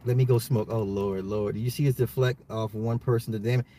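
Fairly quick and fairly even in intonation, a man's dark-toned voice sits on the low side. He's an adult and a father, the host of his own social commentary podcast, speaking emphatically to listeners and frequently going over the same points again.

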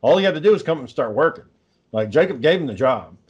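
A man's voice: on the high side, fast, slightly rough, highs cut off. A man hosting a podcast, telling a long story in casual chat, swearing often and sounding exasperated. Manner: profane, exasperated, lively storyteller. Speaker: podcast host.

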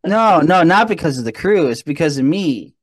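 A man's voice: fairly high pitch, lively intonation, moderate pace, dry recording. A man co-hosting a podcast over a remote call, joking at his own expense. He often stops and restarts mid-sentence, and his voice sounds dry and close. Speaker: podcast co-host. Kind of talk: casual chat.

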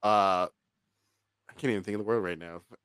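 A man's voice: lowish voice, moderate pace, clean tone, no room sound. Man, casual movie review chat, emphatic, swears a lot, dry close sound. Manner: animated, emphatic, swears freely, laughs often. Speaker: movie review podcast co-host.

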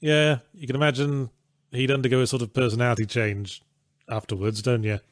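A man's voice: mid-range voice, flat delivery, a little fast, no echo, studio quality. A man co-hosting a casual podcast, reading out donations with blunt, sweary, sardonic remarks. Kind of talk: casual chat.

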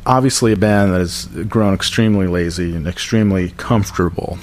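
A man's voice: low-pitched, a little fast, darkish tone, slight background noise. A man co-hosting a podcast in loose, profane casual chat, laughing often and slipping into mock voices. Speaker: podcast co-host.

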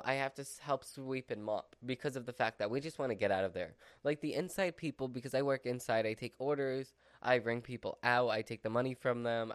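A man's voice: on the low side, clear, resonant tone, dry recording, studio quality. A man vlogging from home in a rambling casual chat, full of "like" and "so" fillers. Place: at home with his dog. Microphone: mic within his dog's reach.

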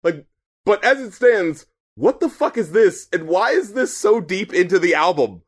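A man co-hosting a podcast, chatting casually and swearing through animated, incredulous rants about an album. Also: sits high, normal speed. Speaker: podcast co-host reviewing albums. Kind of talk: casual chat.

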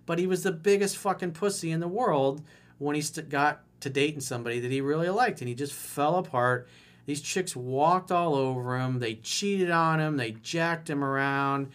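A man's voice: on the high side, moderate pace, a bit bright. A man giving dating advice in a blunt, mocking and profane monologue. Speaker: dating coach and author.

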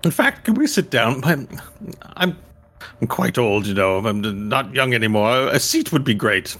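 A man playing a dithering old news reporter, husky, pitch all over, lively. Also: unhurried. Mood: fussy. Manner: hesitant, fussy, rambling. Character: old male newspaper correspondent, fussy and polite.

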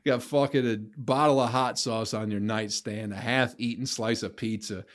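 A man on a solo podcast mic, ranting with a rambling, sardonic edge and swearing freely. His voice sits a little low, and he talks straight into a close home-studio microphone. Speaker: podcast host.

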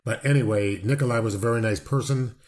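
A man hosting a chat show, talking deliberately with dry, wry asides. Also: medium pitch, darkish tone. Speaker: podcast host. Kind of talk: casual interview chat.

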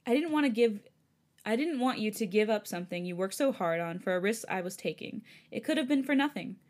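A woman reading the lines of a remorseful young man who begs forgiveness in a fan story, quiet and subdued. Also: mid-range voice, lively intonation, fairly quick, lightly acted.

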